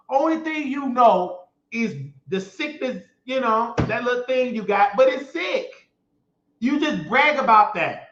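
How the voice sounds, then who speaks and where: A man's voice: very high voice, expressive, measured pace, fairly bright tone. A man hosting a show, delivering a sassy, mocking gossip rant and repeating phrases for emphasis. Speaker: show host. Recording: echoey room, dull lo-fi sound.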